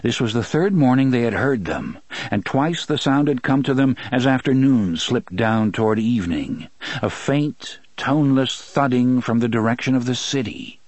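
A man narrating an audiobook with expressive storytelling. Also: medium pitch, moderate pace, dry recording. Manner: expressive storytelling, many voices. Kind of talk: scripted narration.

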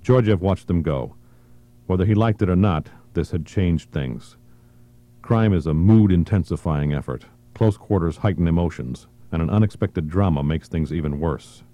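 A man reading a thriller audiobook in a measured, even narration. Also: deep voice, highs cut off.

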